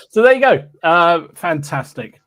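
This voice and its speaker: A man's voice: fairly high pitch, a bit bright, dry recording. Chatty male podcast host, dry sound. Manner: chatty, laughs often, greets viewers by name. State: has a cold. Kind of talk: casual livestream chat.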